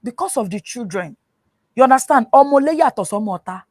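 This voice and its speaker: A woman with a Nigerian accent, her voice pitched high, lectures animatedly and keeps asking whether you follow her. She drops into Yoruba now and then, and the sound is close and dry, with almost no room. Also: fast, no room sound. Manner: animated, preachy, often asks "you understand?"; mixes English with Yoruba. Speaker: guest. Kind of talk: casual talk show chat.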